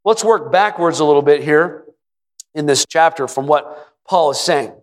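Male pastor, high voice, emphatic repetitive sermon delivery, church hall echo. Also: moderate pace. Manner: preaches with rising emphatic repetition, sometimes shouting. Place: church sanctuary. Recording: long hall reverb.

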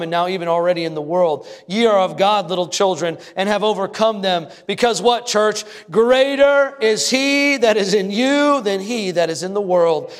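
A man's voice: sits high, in a large hall. A man preaching a sermon as pastor, building repeated refrains and calling out to the congregation. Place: church sanctuary.

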